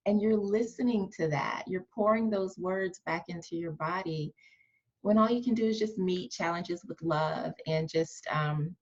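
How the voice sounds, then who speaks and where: A woman's voice: mid-range voice, moderate pace, lo-fi sound. Earnest, encouraging woman guest. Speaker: podcast guest. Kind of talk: casual conversational interview.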